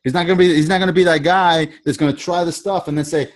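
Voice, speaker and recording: A man's voice: fairly high pitch, fairly even intonation, fast, few pauses. A man leading a group video call as a sales trainer, talking casually, rambling and often restarting and repeating his phrases. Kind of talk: casual coaching talk.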